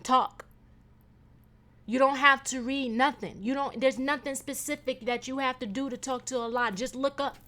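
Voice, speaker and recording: A young woman rants on her own podcast, swearing freely and breaking into sudden loud bursts. Her voice sits fairly high and rings bright and forceful. She talks in a loose, animated, casual way. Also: normal speed. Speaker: podcast host. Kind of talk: casual solo podcast rant.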